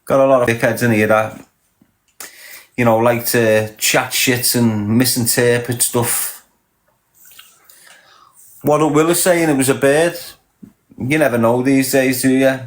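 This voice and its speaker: This livestream host, a Scouse-accented man from Liverpool, reads out chat messages and ribs his viewers crudely. His mid-range voice keeps a fairly even intonation, unhurried and full of frequent pauses, and the room has an echo.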